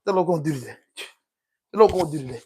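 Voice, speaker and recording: A man's voice: fairly high pitch, expressive, rapid-fire, dark tone, slightly rough. A man doing an impression of a swaggering male street personality, repeating a sing-song catchphrase. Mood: hyped.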